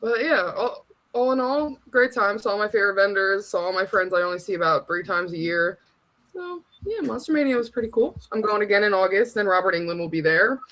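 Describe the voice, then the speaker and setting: Bright, chatty woman. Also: mid-range voice, brisk, dry recording, rough recording. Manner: animated, chatty, slangy, laughs often. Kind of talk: casual chat.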